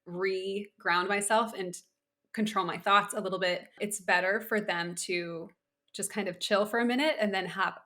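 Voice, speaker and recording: A woman's voice: medium pitch, fairly even intonation, normal speed, bright, forceful tone. A woman in her thirties co-hosting a podcast, talking candidly and conversationally with lots of filler words. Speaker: podcast co-host. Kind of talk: casual chat.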